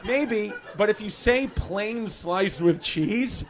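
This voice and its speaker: High-voiced New comedian ranting. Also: male voice, takes it slowly. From New York City. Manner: animated, exasperated ranting with bursts of laughter. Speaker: stand-up comedian. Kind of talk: stand-up comedy set. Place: comedy club stage with a live audience. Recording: live club recording with room noise.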